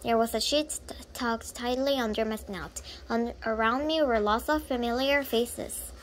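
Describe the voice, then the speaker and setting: A woman reading a children's book aloud in a halting way, often correcting herself mid-phrase. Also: a little high, noisy background. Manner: halting, with frequent self-corrections. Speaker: reader.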